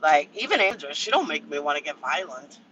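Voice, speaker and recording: A man's voice: on the high side, sing-song, fairly quick, pushed and bright, dull audio, a little hiss or hum. A man ranting casually and profanely on a livestream from a vehicle, answering chat members by name. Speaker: livestream commentator.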